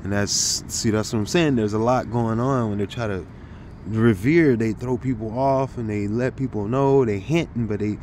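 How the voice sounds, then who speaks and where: A man giving an informal scripture study talk, thinking aloud with halting restarts and sudden bursts of excited realization. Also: on the low side, a little hiss or hum. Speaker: Bible teacher.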